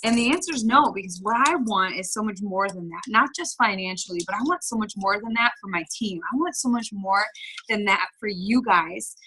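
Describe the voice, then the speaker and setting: A woman's voice: mid-range voice, expressive, brisk, pushed and bright, husky. A young woman coaching her team on a video call, with an emphatic, repetitive motivational style. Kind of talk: motivational pep talk.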